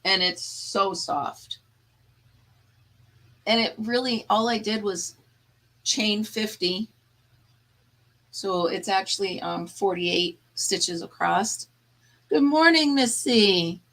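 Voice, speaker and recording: A woman's voice: mid-range voice, fairly even intonation, takes it slowly, pauses often, fairly bright tone. A woman hosting a casual live chat, tired and yawning, chatty and laughing often as she talks to her viewers. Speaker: livestream host.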